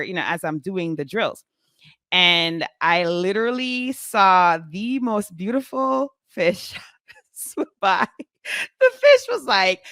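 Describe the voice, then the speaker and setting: A woman in her forties, a physician hosting her own show, telling a story in a chatty, animated way with many fillers. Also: fairly low pitch, dry recording, studio quality. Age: 40s. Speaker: physician podcast host. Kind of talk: casual storytelling to camera.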